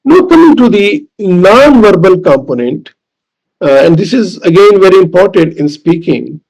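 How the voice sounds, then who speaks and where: A man with a Pakistani English accent lecturing as a professor, deliberate and repetitive, with fillers. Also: high voice, very animated, vocal fry, a little mellow, rough recording. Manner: slow, deliberate, repeats key points with fillers. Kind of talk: recorded lecture.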